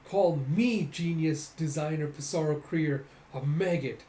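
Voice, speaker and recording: A cruel male scientist sneers and gloats with theatrical arrogance, voiced by a man. His tone is dark and mellow, pitched a touch high. It sounds like an echoey room with a faint hiss behind it. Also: measured pace, natural voice. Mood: gloating.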